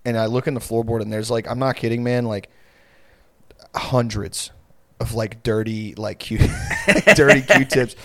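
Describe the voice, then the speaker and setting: A man's voice: medium pitch, measured pace, fairly bright tone, no echo. Rambling, profane young man, dry close sound. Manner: rambling, profane storytelling with frequent fillers. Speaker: podcast co-host. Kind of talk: casual chat.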